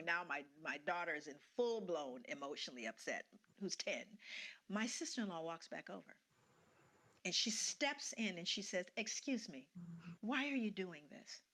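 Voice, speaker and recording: A middle-aged woman tells a personal story with a lively, swooping voice and a bright, clear tone. She acts out the people in it and laughs between lines. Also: mid-range voice, slight background noise. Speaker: guest speaker sharing a personal story. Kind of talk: storytelling talk.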